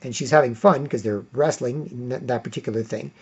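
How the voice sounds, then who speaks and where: A man's voice: mid-range voice, a little fast, breathy edge. A man with a Canadian accent rambling through an opinion monologue, repeating himself, tagging lines with "right?" and acting out the voices of people he quotes. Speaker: vlogger. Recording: dull lo-fi sound.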